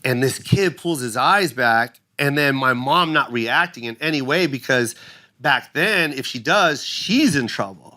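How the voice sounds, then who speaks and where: A man in his fifties, a guest comedian telling stories on a podcast in an animated, profane way. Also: mid-range voice, measured pace. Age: 50s. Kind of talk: podcast conversation.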